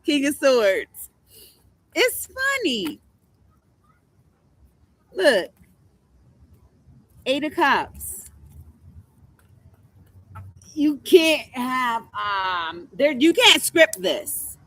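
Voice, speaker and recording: Brash, bright-voiced woman reading tarot. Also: sits high, big pitch swings, drawn-out words, long pauses, no echo. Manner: brash, profane, boastful, repeats herself. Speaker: tarot reader and streamer. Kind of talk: casual livestream tarot commentary.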